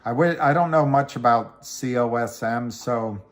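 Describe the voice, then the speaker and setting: A man's voice: mid-range voice, normal speed. Rambling middle-aged man chatting on a livestream. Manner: rambling, self-deprecating, reads viewer comments aloud. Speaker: livestream host. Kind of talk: casual livestream chat about stocks.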